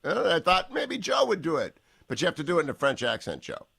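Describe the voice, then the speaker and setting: A man hosting a talk radio show, bantering briskly and reading out a donation number. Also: fairly high pitch, very animated, vocal fry, a bit bright, slightly rough, no echo.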